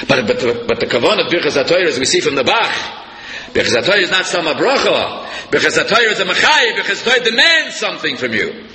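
A man delivers a Torah lecture in a bright, slightly high voice. He swings into sharp, animated peaks as he tells stories. The recording carries a long hall echo with faint room noise behind. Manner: animated storyteller, voice leaping up for emphasis. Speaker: rabbi giving a Torah class. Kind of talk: sermon-style Torah lecture.

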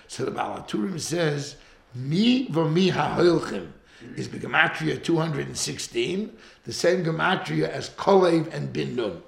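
A middle-aged man preaching in a storytelling way, his pitch sitting a little high and swinging widely as he acts out the voices in his tale. His voice carries a gravelly fry, and the room around him gives it a noticeable echo. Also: lively intonation, measured pace. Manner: acts out voices in the story, laughs often, mixes in Hebrew and Yiddish terms. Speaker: rabbi giving a Torah talk. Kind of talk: animated storytelling sermon. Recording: echoey room.

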